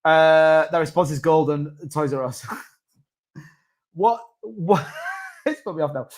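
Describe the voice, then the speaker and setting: Guy on a live stream, chatty and rambling, reads the chat, slightly high voice. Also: slow pace. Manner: rambling, reads out viewer comments. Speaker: crypto live stream host.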